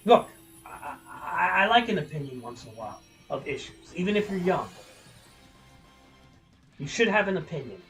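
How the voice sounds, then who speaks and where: Male streamer, slightly high voice, swears freely, heated rambling rant, faint music underneath. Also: fairly bright tone, low-quality recording. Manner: profane, heated, opinionated; rambling with restarts. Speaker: livestreamer. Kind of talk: live-stream ranting to chat.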